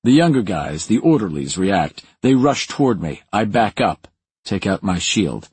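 A man reading a first-person thriller in a deep, very husky voice. His delivery is dry and wry, and his pitch moves a lot. The recording is close and dry. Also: very animated, measured pace, a little mellow, dry recording. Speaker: audiobook narrator.

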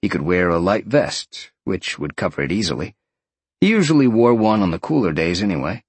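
A man narrates a story in a low, slightly husky voice, his pitch rising and falling expressively. The recording is close and dry, with no room sound. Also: big pitch swings, brisk, dry recording. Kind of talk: audiobook narration.

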